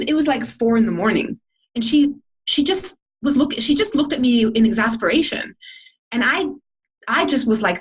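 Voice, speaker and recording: Woman, husky, fairly high voice, reflective, emotional storytelling, podcast guest. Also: a bit bright, rough recording. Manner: emotional, reflective, frequent restarts. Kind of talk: personal storytelling in conversation.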